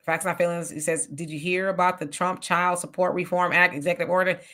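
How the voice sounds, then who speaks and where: Middle-aged woman doing a live stream, reads comments out loud and reacts, chatty, bright punchy voice kinda low. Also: fairly quick. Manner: chatty and animated, reacting aloud with laughs and exclamations. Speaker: livestream host reading viewer comments. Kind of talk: casual live chat.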